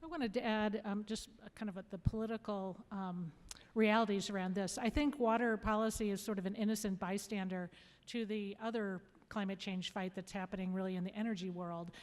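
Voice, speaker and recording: A woman's voice: mid-range voice, steady tone, brisk, a little mellow. A woman speaking on a workshop panel in a conversational way, with asides. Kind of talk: panel discussion. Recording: long reverb of a large hall.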